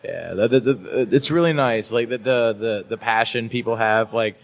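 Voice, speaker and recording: A man's voice: mid-range voice, normal speed. A man talks casually as a guest on a convention podcast stage. He laughs often and trips over his words, restarting sentences as he goes. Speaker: YouTuber guest.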